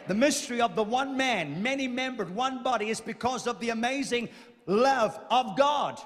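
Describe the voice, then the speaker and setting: High-voiced preacher in a reverberant hall. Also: male voice, fairly bright tone. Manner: emphatic preaching with repeated phrases and swings in volume. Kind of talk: sermon.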